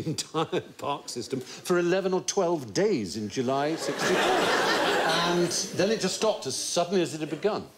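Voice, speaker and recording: A man's voice: a little high, slight background noise. A man hosting a comic quiz show, telling stories with wry, learned asides. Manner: lively, erudite storytelling with asides.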